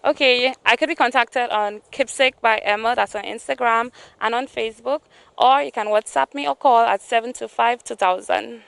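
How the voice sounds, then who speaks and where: A woman's voice: fairly high pitch, moderate pace, creaky, a bit bright, clear, resonant tone, dry recording, rough recording. A woman from Saint Lucia, a guest on a morning TV show, explaining her small business in an earnest, plain-spoken way. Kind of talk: TV interview.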